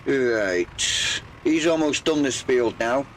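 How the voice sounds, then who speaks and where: Slow-talking older man, croaky. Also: mid-range voice, animated, fairly bright tone, slight background noise, rough recording. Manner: rambling, hesitant, full of pauses. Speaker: game streamer. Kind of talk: relaxed live gameplay chat.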